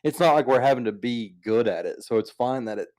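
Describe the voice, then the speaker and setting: A man's voice: mid-range voice, expressive, brisk, darkish tone. A man hosting a podcast in casual chat, rambling and teasing his co-hosts with many restarts. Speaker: podcast host.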